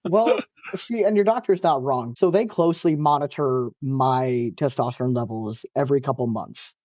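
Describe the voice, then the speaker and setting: A man's voice: mid-range voice, normal speed, no echo. Guy chatting on a podcast, laughs a lot, swears casually, dry, dull sound. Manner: lively storytelling, swears casually, laughs often. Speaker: podcast co-host, interviewee.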